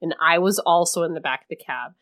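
A woman co-hosting a casual chat, telling stories in a wry, deadpan way. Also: on the low side, quick pace. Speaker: podcast co-host.

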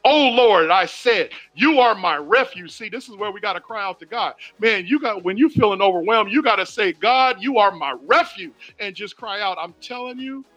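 A man preaching a sermon, reading scripture slowly and talking straight to his listeners in a chatty way. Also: sits high, bright, forceful tone, faint music behind. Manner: preachy and conversational, reads scripture slowly, asks the listeners directly. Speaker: pastor.

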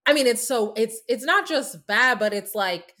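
A woman co-hosting a casual podcast chat, telling stories in an animated, laughing way. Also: fairly high pitch, normal speed.

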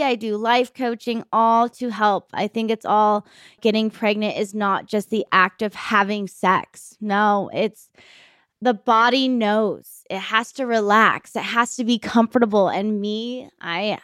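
A woman in her thirties hosting a podcast, talking openly and reflectively about her own life, sometimes rushing and sometimes slowing down. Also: fairly high pitch, a bit bright, no room sound, studio quality. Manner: open, reflective, speeds up and slows down. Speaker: podcast host. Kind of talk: candid personal talk.

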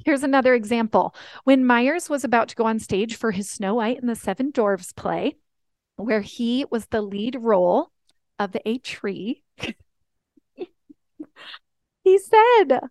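A woman's voice: fairly high pitch, lively intonation, measured pace, a little mellow, no room sound, studio quality. A woman life coach hosting a podcast, telling family stories in an earnest, teaching way. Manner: earnest storytelling, reenacts family talks.

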